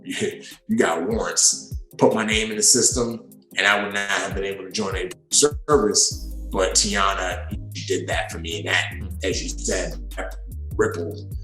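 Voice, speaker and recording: A man from western Africa who grew up in New York, telling his story as a podcast guest in an animated way with many restarts. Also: sits low, moderate pace, reverberant, faint music behind. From western Africa, raised in New York City. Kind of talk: storytelling in a casual interview.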